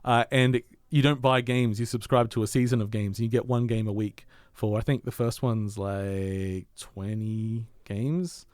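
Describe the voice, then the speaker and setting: A man's voice: fairly low pitch, steady tone, moderate pace, a little mellow, no room sound. Chatty man hosting a games podcast. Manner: enthusiastic, chatty, laughs easily. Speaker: podcast co-host and game reviewer. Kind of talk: casual chat, then read-out review. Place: community radio studio.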